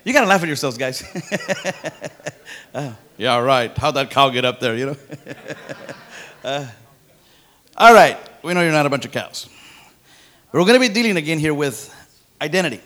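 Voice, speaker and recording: A high-pitched man preaching a sermon, his tone bright and forceful. He speaks in a folksy way, stumbles over fillers and repeats words, then builds to loud, emphatic points. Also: animated, fairly quick, long pauses. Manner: emphatic, rising to loud declarations.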